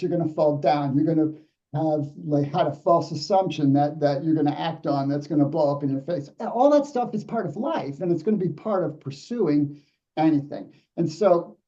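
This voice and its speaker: A man hosting a motivational podcast, talking quickly and emphatically, repeating his points as he builds up momentum. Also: a little high, warm tone, recorded from a distance, lo-fi sound. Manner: fast, emphatic, repetitive phrasing. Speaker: podcast host.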